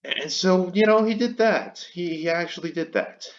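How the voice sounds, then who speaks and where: A man's voice: sits high, moderate pace, muffled recording. A man delivering an indignant commentary rant, stumbling and repeating words as he vents. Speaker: commentary YouTuber. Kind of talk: ranting commentary.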